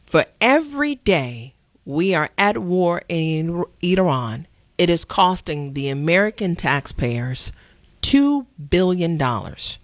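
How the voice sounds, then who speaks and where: A woman's voice: fairly low pitch, slow pace, no room sound, studio quality. Sarcastic woman. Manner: animated, sarcastic, playful asides. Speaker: podcast host. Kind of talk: casual political commentary.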